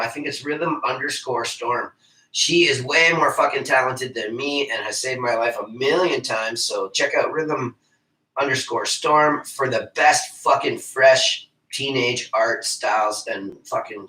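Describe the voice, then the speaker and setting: A man in his forties, rambling through a profane, excitable casual monologue and laughing often. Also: mid-range voice. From Canada. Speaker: livestream host. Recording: echoey room, far from the mic.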